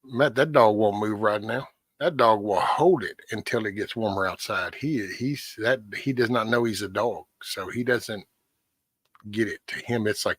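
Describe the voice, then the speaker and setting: A middle-aged man talks in a relaxed, meandering way to his viewers, full of folksy asides and casual swearing. His voice sits low, and the sound is close and dry with no room around it. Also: normal speed, no echo. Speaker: host of a morning livestream. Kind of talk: casual morning chat with viewers.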